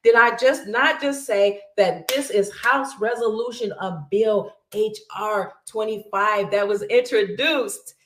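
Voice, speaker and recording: A woman's voice: mid-range voice, slow pace, few pauses, roomy sound. A middle-aged woman hosting casual news commentary, chatty, addressing her viewers as family and reading lists aloud. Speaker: host.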